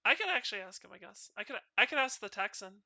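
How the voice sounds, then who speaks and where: Speaking fast in a mid-range, gravelly voice with big pitch swings, this VTuber jokes around with friends and viewers on stream. She has a North Carolina accent and often fumbles her words. The sound is pushed and bright, with no room sound.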